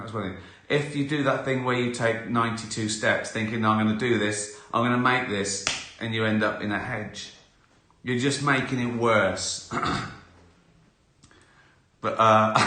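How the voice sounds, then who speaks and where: A man's voice: mid-range voice, pushed and bright, roomy sound. A middle-aged man, chatting casually on a live stream, answering viewer questions, laughing often and acting out little scenes.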